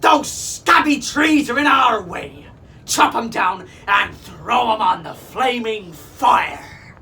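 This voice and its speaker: A man voicing a greedy, bad-tempered pirate captain who shouts orders. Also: high-pitched, expressive, takes it slowly, far from the mic, a little hiss or hum, pitched above the performer's own voice, heavily acted. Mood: bellowing. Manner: shouting, gruff.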